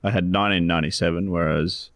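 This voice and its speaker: A man's voice: low voice, steady tone, rapid-fire, fairly bright tone, no room sound. A man, co-hosting a podcast in a loose, rambling chat full of restarts and fillers. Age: 40s. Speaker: co-host, financial adviser.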